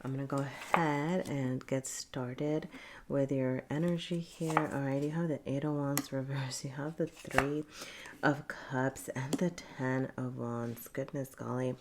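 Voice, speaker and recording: A woman's voice: extremely low pitch, fairly even intonation, a little slow, background noise. A woman giving a casual tarot reading, chatty and laughing often, with many fillers. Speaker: tarot reader.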